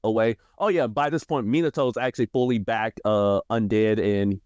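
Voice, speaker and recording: Guy on a podcast breaking down anime plot, animated, does little character voices, dry close mic. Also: moderate pace, clean tone, dry recording. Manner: animated, acts out character quotes with shifting pitch. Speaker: podcast co-host. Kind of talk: casual anime discussion.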